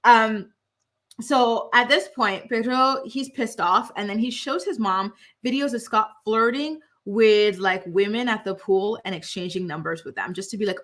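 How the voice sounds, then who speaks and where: A woman's voice: medium pitch, a little slow, a bit bright. A woman recapping a reality show in casual commentary, blunt and scornful, rambling on with lots of fillers.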